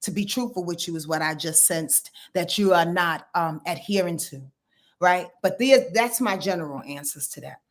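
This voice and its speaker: A middle-aged woman astrologer chatting casually with her viewers on a livestream, blunt and animated, telling stories and swearing freely. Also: fairly low pitch, normal speed. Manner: blunt, animated storytelling with profanity and laughs. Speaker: astrologer and tarot reader.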